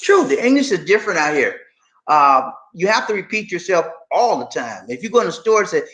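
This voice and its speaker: Answering viewers while he chats casually on his live stream, this middle-aged man reads their comments in a high, bright voice with big pitch swings and a brisk pace. He repeats himself emphatically and addresses the audience as "man" and "y'all."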